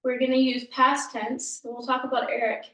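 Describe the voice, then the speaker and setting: A woman's voice: high-pitched, little pitch movement, normal speed, fairly bright tone, roomy sound, distant mic, poor audio. A woman whose first language is English, teaching a language lesson in a patient, informal way with many ums and self-corrections.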